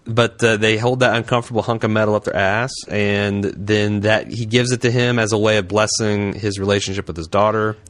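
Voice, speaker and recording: A man's voice: on the low side, flat delivery, a little fast, few pauses, fairly bright tone, no echo. A man co-hosting a casual podcast, joking around and reading an episode synopsis aloud. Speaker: podcast co-host.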